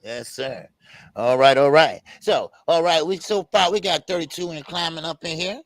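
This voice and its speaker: A man with a high-ish voice speaks at normal speed, with no room sound, while co-hosting a casual boxing talk live stream. Full of upbeat energy, he hypes things up and greets viewers with shout-outs by name.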